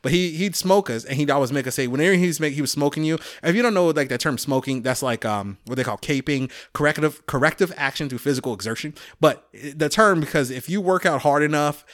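A man's voice: fairly high pitch, fast, few pauses, no room sound, studio quality. A man in his forties from Chicago, hosting a podcast and telling rambling stories in a chatty, self-mocking way. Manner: rambling, chatty storyteller who laughs at himself. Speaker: podcast host. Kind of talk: casual podcast monologue.

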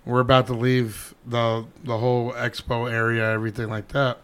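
A man's voice: mid-range voice, normal speed, clear, resonant tone. A man who coaches middle school football, telling a story in casual chat and acting out the quotes. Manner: animated storyteller, acts out quotes.

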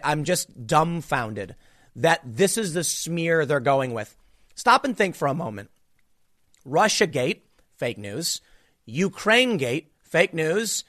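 This man's solo political commentary comes across as an exasperated rant, full of stumbling restarts born of frustration. A close, dry recording with no room sound captures his slightly high, somewhat bright male voice.

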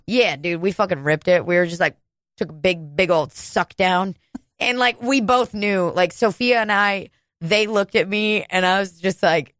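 Profane, animated woman telling a story. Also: mid-range voice, moderate pace, no echo. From Kansas City, United States. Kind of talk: casual storytelling chat.

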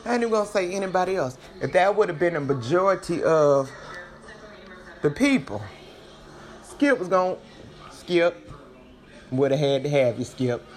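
A woman hosting a podcast, giving casual commentary in an animated, slangy, chatty way, her voice swinging between loud and soft. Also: on the low side, moderate pace, long pauses, faint music behind. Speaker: podcast host.

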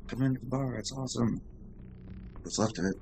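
A man's voice: mid-range voice, a little fast, darkish tone, slight background noise. A man taking part as a player in a casual tabletop game, playful in manner.

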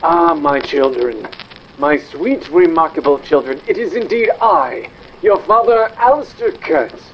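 Pompous old-record father, condescending, theatrical, lively pitch, dull lo-fi vinyl sound. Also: unhurried, a little hiss or hum. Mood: imperious. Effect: old vinyl record playback.

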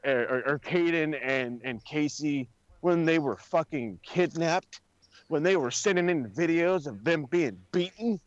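A man's voice: a little high, dry recording. A man co-hosting a wrestling chat, sarcastic and profane, ranting with plenty of swearing. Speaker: wrestling podcast co-host. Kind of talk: casual chat. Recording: dull dry lo-fi.

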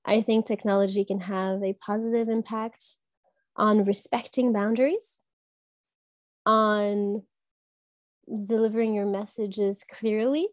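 A woman answering interview questions, thoughtful and halting, with frequent pauses and restarts. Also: mid-range voice, steady tone, dry recording. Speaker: guest from an education app company.

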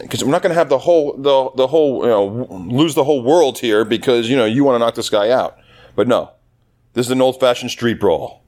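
A man hosting a casual movie discussion podcast, talking in an animated way with frequent stammered restarts and quick laughs. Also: medium pitch. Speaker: podcast host.

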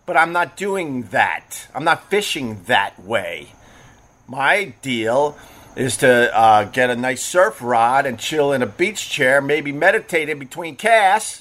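A man's voice: mid-range voice, lively intonation, normal speed, fairly bright tone. A man hosting a casual livestream, rambling bluntly and cursing freely as he reads out comments from his chat. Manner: blunt, profane, rambling and repetitive. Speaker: livestream host reading chat.

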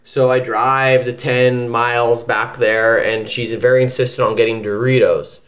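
A man's voice: medium pitch, measured pace. A young man telling a profane story in a casual podcast chat, acting out the voices of people in it. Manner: animated, profane, acts out voices in his story.

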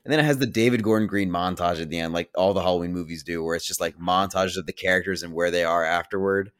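Man, very low voice, podcast movie reviewer, casual rambling recap, blunt opinions, dry close mic. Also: fast, fairly bright tone, smooth, no echo. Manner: rambling, heavy use of "like"; blunt, offhand judgments.

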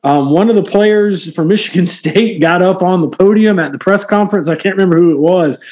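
A man co-hosting a sports podcast in casual chat, animated and full of fillers and restarts. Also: high voice, fairly quick. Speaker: podcast co-host.

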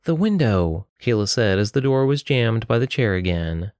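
A man narrating an audiobook story in a steady, even storytelling delivery. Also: fairly low pitch, moderate pace, clean tone, no room sound, studio quality. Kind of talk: scripted narration.

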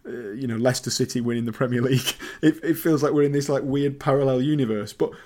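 A British man co-hosting a podcast, chatting casually about a film and rambling with bursts of excitement. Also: fast. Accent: British English. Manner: chatty, rambling, swings loud and high when excited. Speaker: podcast co-host.

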